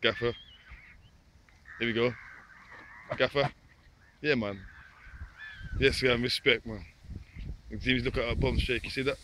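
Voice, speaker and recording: A man's voice: medium pitch, fairly even intonation, unhurried, pauses often, pushed and bright. A man vlogging by a lake, chatting in a laid-back, repetitive way and talking to the birds. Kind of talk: casual chat to camera. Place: outdoors by a lake. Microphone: phone. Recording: noisy outdoor phone recording.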